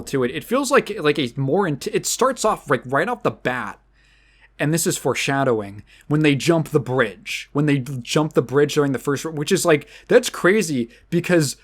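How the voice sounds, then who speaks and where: Casual podcast host, young, unhurried, loose rambly delivery, mid-pitched voice. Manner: rambling, restarts with fillers. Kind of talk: casual chat.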